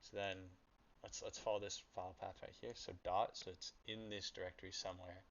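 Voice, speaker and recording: Low, gravelly young man, rambling coding tutorial. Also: flat delivery, a little fast. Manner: loose and rambling, swears, thinks aloud with many ums. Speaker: self-taught coder giving a web dev walkthrough. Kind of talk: casual screen-share coding tutorial. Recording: dull lo-fi mic with faint noise.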